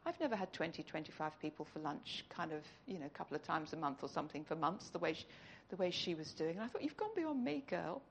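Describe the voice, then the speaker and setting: A woman's voice: deep voice, fast talker, hardly any pauses, slight background noise. A woman giving an earnest, conversational sermon in church. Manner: earnest, conversational, tearful at the close. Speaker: church speaker.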